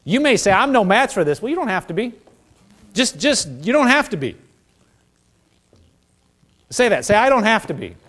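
A pastor with a high voice preaches at a moderate pace, pausing often. He draws his congregation into call-and-response, repeating after him, and speaks conversationally with lots of asides.

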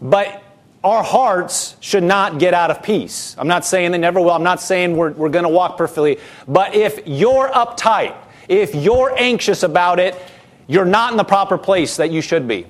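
A man's voice: sits high, lively intonation, normal speed. A man pastor preaching a sermon in a conversational way, repeating key phrases and restarting sentences as he talks.

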